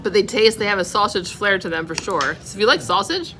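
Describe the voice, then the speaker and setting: Tasting dishes in a restaurant dining room, a woman food vlogger talks candidly and gives each one a score out of ten. Her medium-pitched voice is bright and forceful, a little fast, with lively intonation, against restaurant background noise.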